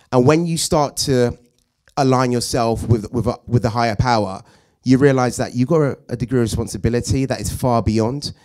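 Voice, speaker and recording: A man who founded a drama school, answering thoughtfully at a Q&A in an earnest, halting way. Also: lowish voice, darkish tone. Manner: earnest, halting, many fillers. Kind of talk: reflective answer at a Q&A.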